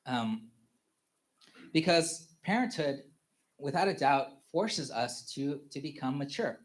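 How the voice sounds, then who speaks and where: A father gives a personal sermon testimony at a family church service in a fairly high voice with lively intonation. He's halting, full of "you know" fillers and restarts, and he chuckles often as he tells his stories.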